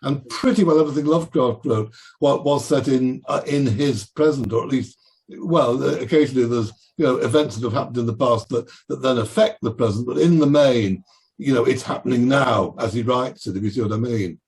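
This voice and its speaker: A man's voice: medium pitch, a little fast, a little mellow. An older man, a guest writer, talking in a casual podcast discussion, hesitant and full of restarts. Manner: hesitant, many restarts and fillers.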